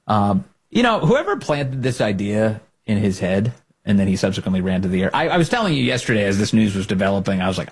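Husky-voiced man, mocking commentary. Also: on the low side, expressive, a little fast. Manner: sarcastic, mocking. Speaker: show host. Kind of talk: political commentary monologue.

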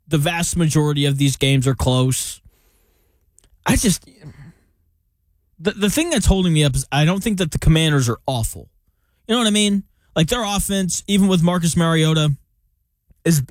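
A man co-hosting a casual sports podcast, animated and self-mocking, with many restarts. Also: a little high, dry recording, clean studio sound.

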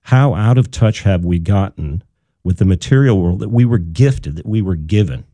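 A middle-aged man with a very low voice, talking as a guest on a radio show. His tone is mellow and warm, and he thinks aloud, circling back with fillers and small restarts. The sound is dry and close. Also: lively intonation, normal speed, dry recording. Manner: thoughtful, loose with restarts and fillers. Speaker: guest, communication researcher. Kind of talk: casual radio interview.

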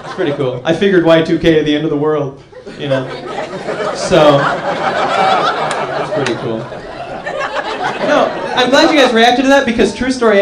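A man doing a stand-up comedy set, telling jokey stories with an animated, laughing delivery. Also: a little high. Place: comedy club stage before a live audience. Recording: echoey club with crowd.

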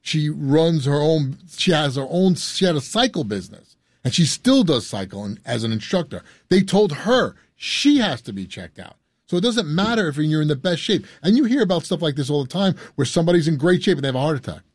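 Husky-voiced man, earnest and halting. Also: fairly high pitch, very animated, dry recording, studio quality. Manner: earnest, repeats himself, stumbles over words. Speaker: guest on a radio show. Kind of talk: casual conversation.

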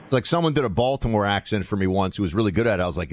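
Lower-voiced male talk radio host. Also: very fast, dry recording. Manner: relaxed, with frequent "uh" hesitations. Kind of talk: casual talk radio chat.

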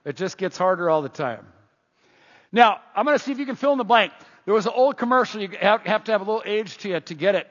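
A man's voice: high voice, lively intonation, fairly quick, a bit bright. Older man preaching in an echoey church. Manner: folksy, conversational, emphatic repetitions. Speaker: pastor. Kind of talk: sermon. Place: church sanctuary. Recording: dull sound in a reverberant church hall.

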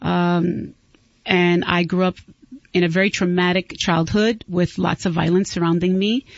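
A woman's voice: lowish voice, little pitch movement, unhurried, vocal fry, no room sound. Earnest woman guest opening up, keeps restarting, dry dull radio audio. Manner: earnest, heartfelt, frequent restarts. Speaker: guest author. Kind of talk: candid interview talk.

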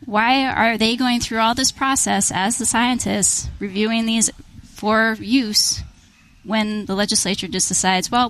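A woman who is policy director for a farm group answers interview questions conversationally as a guest, explaining at length and restarting often. Her mid-range voice is a bit bright, and the audio is poor.

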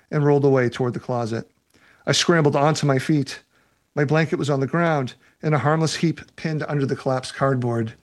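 Novelist reading and discussing his book. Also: medium pitch. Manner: relaxed, laughs often, uses fillers such as "you know". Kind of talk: reading from his novel and answering reader questions.

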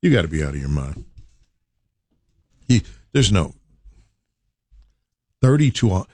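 A man's voice: deep voice, very animated, a little slow, darkish tone, slightly rough, no echo. Brief: male talk host, playful storytelling, dry voice. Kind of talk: casual talk show chat.

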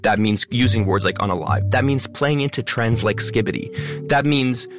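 A man and content creator speaking as a guest in an interview, talking quickly and stressing many words. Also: mid-range voice, over music. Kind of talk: interview conversation.

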